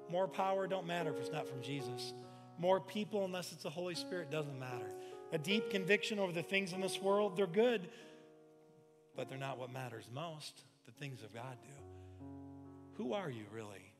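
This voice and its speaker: A man with a high voice preaches a sermon, weaving family stories into an impassioned but conversational delivery. The sound carries a long hall reverb, and music plays clearly underneath. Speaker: pastor. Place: large church sanctuary.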